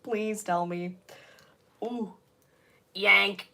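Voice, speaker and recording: A young woman chatting on a casual livestream while sorting jewelry, bubbly and playful, her voice a little hoarse. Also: mid-range voice, fairly even intonation, very slow, pushed and bright. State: slightly hoarse.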